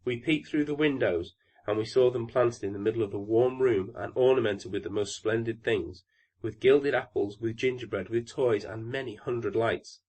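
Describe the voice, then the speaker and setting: A man voicing a flock of chattering sparrows in a storybook reading, excited and boastful. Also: mid-range voice, moderate pace, lightly acted. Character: chirping, know-it-all little sparrows.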